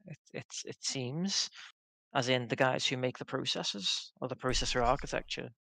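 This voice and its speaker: A man's voice: medium pitch, normal speed, gravelly, bright, forceful tone, dry recording, studio quality. A man co-hosting a podcast in casual, stubborn, joking banter. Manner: stubborn, playful banter with frequent laughs. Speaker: podcast co-host. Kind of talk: casual chat.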